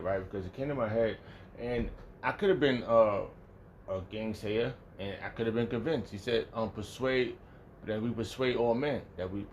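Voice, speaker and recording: Male, mid-pitched, casual scripture talk; rambling, profane, prone to heated outbursts; faint background hiss. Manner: rambling, with many restarts and sudden loud angry outbursts; emphatic and profane. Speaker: religious teacher. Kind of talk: casual Bible study talk.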